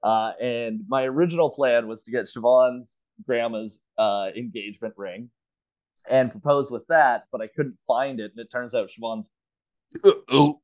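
A man with a mid-range voice and a slightly slow delivery co-hosts a podcast from home over a remote call. He tells a story in casual chat full of swearing and laughter. The remote audio is lo-fi and a bit dull.

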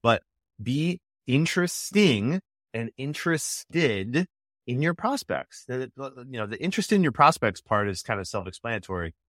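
A man answering interview questions about cold calling, energetic, slipping into quoted call snippets. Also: medium pitch, moderate pace, no echo, studio quality. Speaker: sales expert guest.

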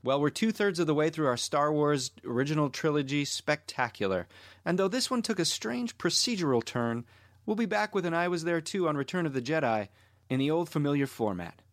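A man's voice: on the high side, expressive, brisk, no room sound, clean studio sound. A man hosting a podcast, playful and geeky in casual talk. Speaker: podcast host. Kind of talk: casual podcast chat and sign-off.

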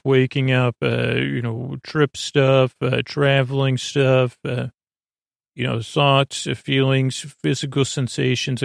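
Guy with a creaky gravelly voice rambling slow and sleepy, loses his thread all the time, dry close sound. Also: medium pitch, no room sound. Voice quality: creaky, dulcet tones. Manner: meandering, full of fillers, restarts and pointless tangents; slow, drowsy, lulling delivery. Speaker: sleep podcast host. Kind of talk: rambling bedtime monologue.

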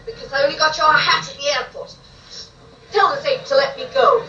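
A woman's voice: sits high, steady tone, a little fast, pushed and bright, far from the mic. An actress playing a frightened young female photographer who pleads as she is held. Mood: pleading. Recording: dull, echoey old film soundtrack with music.

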